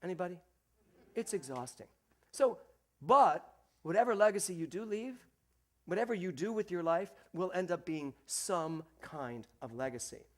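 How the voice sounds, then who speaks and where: Guy preaching a sermon, kinda high voice that swoops all over, acting out quotes and talking right at the congregation. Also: moderate pace. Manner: animated, acts out quoted voices, talks directly to the congregation. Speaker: minister.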